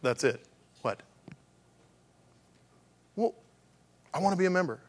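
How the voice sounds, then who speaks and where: A man's voice: high voice, lively intonation, unhurried, breathy edge. A male pastor preaching a conversational sermon, asking rhetorical questions and acting out the voices of the people he quotes.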